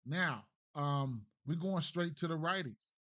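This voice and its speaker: A man's voice: a little high, slow, fairly bright tone, dry recording. A man hosting a casual sports betting breakdown, loose and slangy, thinking aloud and checking in with "right?" as he goes. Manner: thinks aloud, trails off and restarts.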